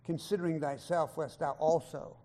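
A man preaching a sermon, emphatic, swinging from loud declarations to hushed asides and reading scripture in old-style wording. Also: fairly high pitch, steady tone, normal speed. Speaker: pastor.

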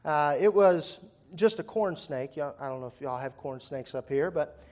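Male pastor, young, slightly high voice; relaxed, chatty preaching style with crowd questions. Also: moderate pace. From Virginia. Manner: conversational, asks the congregation questions, wry asides. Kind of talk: sermon. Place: church hall before a congregation.

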